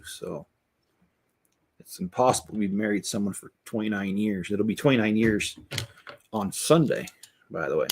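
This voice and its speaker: A fairly low-pitched male voice comes through with a little hiss or hum. He's a middle-aged Lego builder and channel host, talking openly and casually as he builds, often restarting and drifting into asides.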